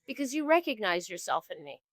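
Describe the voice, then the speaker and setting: A woman's voice: medium pitch, sing-song, brisk, no echo. A woman musician being interviewed, speaking earnestly and thoughtfully, often trailing off and restarting her sentences. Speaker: musician guest. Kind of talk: street interview. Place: outdoors on a street.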